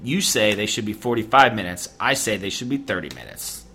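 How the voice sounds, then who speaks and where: A man's voice: lowish voice, big pitch swings, fairly quick, sharp tone, husky. A man from the United States co-hosting a podcast, chatting casually and joking with frequent laughs. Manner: joking, laughs often, rambling. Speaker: podcast co-host.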